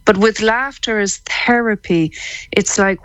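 A woman's voice: lowish voice, normal speed, no room sound. A woman with an Irish accent, a psychotherapist chatting as a guest on a radio interview, laughing easily and restarting her sentences. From Ireland.

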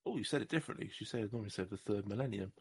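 Speaking very fast in a fairly low, gravelly voice that is a little mellow and slightly rough, a man from southwest England co-hosts a podcast. His casual talk rambles, full of self-mocking jokes.

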